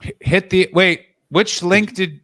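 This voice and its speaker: A man hosts a casual live stream, talking in loose, rambling stories. His voice sits a little high. He keeps breaking off into asides, and it sounds like a video call. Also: takes it slowly, fairly bright tone. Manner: rambling storyteller, many restarts and asides. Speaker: streamer and host. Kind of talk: casual chat.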